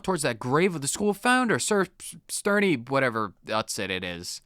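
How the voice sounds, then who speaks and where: A man's voice: medium pitch, big pitch swings, normal speed, few pauses, pushed and bright, no room sound, clean studio sound. A man hosting a let's play, giving wry, joking game commentary.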